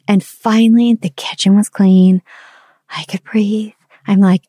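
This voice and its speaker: A woman's voice: mid-range voice, fairly even intonation, a little fast, dark tone, no echo, studio quality. A woman in her forties sharing a candid, confessional personal story and reflecting on parenting.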